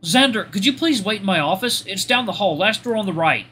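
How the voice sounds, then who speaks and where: A man voicing a calm male doctor who speaks softly and reassuringly, giving gentle instructions. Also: high-pitched, fairly quick, soft background music, voice pushed up.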